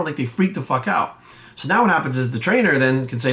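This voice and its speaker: A man's voice: medium pitch, expressive, fairly quick, pushed and bright. A man, a fitness coach ranting casually and bluntly, swearing often and acting out quoted voices. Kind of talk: casual rant to camera.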